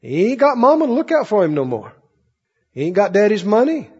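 A man's voice: sits high, huge pitch swings, a little fast, darkish tone, husky, long reverb tail, muffled recording. A male pastor preaching a sermon in a church, acting out the voices of Bible figures as he goes.

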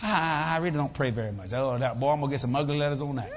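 Talking very fast in a mid-range voice, an older man preaches to a church-hall congregation, joking with them and acting out voices in his lively stories. The sound carries the feel of a large hall, with the highs cut off.

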